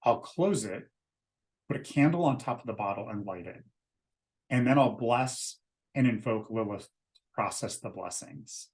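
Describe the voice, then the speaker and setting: A man leading a ritual, explaining it step by step in a steady, methodical way. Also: on the low side, moderate pace, long pauses. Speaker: ritual leader.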